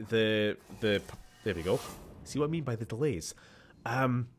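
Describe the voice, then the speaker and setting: A man with a Scottish accent giving casual, rambling let's-play commentary, laughing often and talking to the characters on screen. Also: on the high side. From Scotland. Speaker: gaming channel host.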